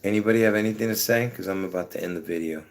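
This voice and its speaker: Rambling low-voiced man on a livestream. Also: racing. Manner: meandering, trails off, many fillers. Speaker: livestream host. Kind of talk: rambling casual livestream chat. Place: his apartment.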